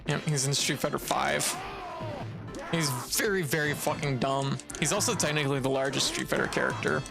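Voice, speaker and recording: Gravelly, profane game streamer from Canada. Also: medium pitch, fairly quick. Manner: profane, exasperated ranting with frequent laughs. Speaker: livestreamer. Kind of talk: casual gameplay commentary. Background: video game music.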